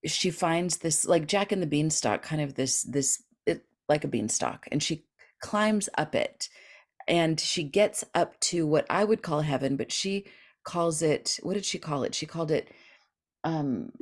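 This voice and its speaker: Middle-aged woman guest, animated storyteller, slips into quoted voices, low-set voice. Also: measured pace. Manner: animated, acts out quoted voices with big pitch jumps. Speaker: guest author and dream expert. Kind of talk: storytelling in a podcast interview.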